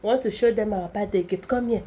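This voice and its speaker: A woman's voice: mid-range voice, quick pace, mellow, slightly rough. A young Nigerian woman vlogging at home, playful and laughing often as she coaxes her baby son. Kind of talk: casual home vlog talking to camera and her baby. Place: home, indoors.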